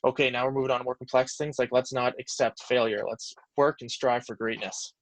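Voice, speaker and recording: A man's voice: medium pitch, level tone, brisk, no room sound. A man in his twenties telling stories as an interview guest, rambling and peppering his talk with "like.". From Canada. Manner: rambling, heavy use of "like", reflective. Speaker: guest, pro football lineman. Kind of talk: casual storytelling interview.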